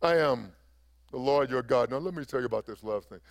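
A man's voice: mid-range voice, a little fast. A man preaching a sermon as pastor, emphatic and repeating phrases for effect.

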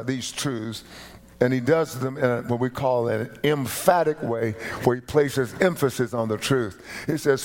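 A middle-aged man preaching a sermon as pastor in a church, building to emphatic bursts of emphasis. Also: mid-range voice. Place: church sanctuary.

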